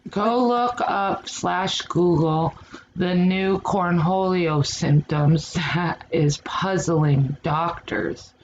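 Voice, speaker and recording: A woman's voice: lowish voice, extremely slow, crowd noise. A middle-aged woman hosting a live stream, chatting easily and laughing often on a close desk mic. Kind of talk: casual chat. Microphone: desk mic close to keyboard. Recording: muffled lo-fi with noise.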